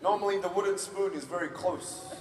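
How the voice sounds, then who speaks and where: A man giving an animated motivational stage speech in a large convention hall, acting out the dialogue in his stories. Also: high voice, fairly quick, distant mic, noisy background. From Australia. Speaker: motivational speaker. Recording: echoey hall from afar.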